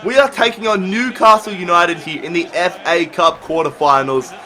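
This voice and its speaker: A young man commentating his own football video game match, calm when explaining, then shouting at big chances. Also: high voice, moderate pace. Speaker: gaming YouTuber.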